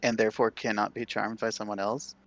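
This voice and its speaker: A man's voice: on the low side, little pitch movement, a little fast, a bit bright, lo-fi sound. A man playing a tabletop game, joking and arguing rules in casual chat. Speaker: player.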